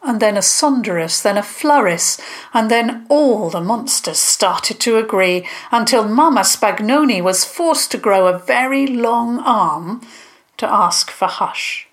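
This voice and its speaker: A woman narrating a children's story in a gentle, unhurried reading. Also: fairly high pitch, animated.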